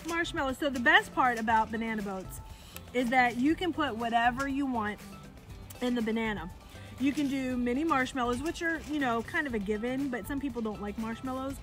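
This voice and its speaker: A woman's voice: fairly high pitch, fairly quick, fairly bright tone, soft background music. A middle-aged woman, a campground host, cheerfully explaining an outdoor cooking demonstration step by step outdoors. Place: outdoor campground by a fire pit.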